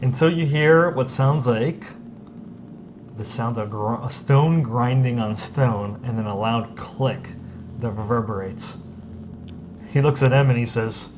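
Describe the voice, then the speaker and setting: A man running a tabletop game as game master, narrating slowly with many fillers and pauses. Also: mid-range voice. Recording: lo-fi recording with clear background noise.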